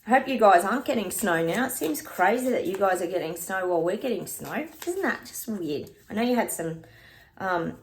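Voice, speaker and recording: A woman's voice: medium pitch, expressive, brisk, a little hiss or hum. A middle-aged woman, a psychic, chatting casually and at rambling length with her viewers. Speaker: psychic reader. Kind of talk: casual livestream chat with tarot readings.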